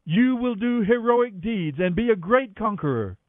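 A man plays a remorseful king who confesses slowly and loudly, his voice pitched high. The sound is thin and phone-like, dry and close. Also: expressive, no echo. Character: remorseful older male king.

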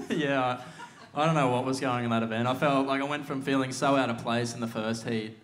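A man's voice: medium pitch, steady tone, brisk, a bit bright. A young Australian man, a surfer guest, telling stories in a laid-back way with frequent laughs. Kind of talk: casual podcast chat.

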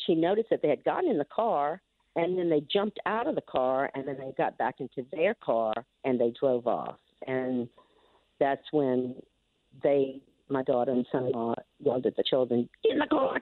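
An older woman with an extremely low-pitched voice and lively intonation calls in to a radio show at a moderate pace, heard over a tinny phone line with no echo. She's a neighborhood security district official, and her long story rambles with many restarts, asides, and "you know"s.

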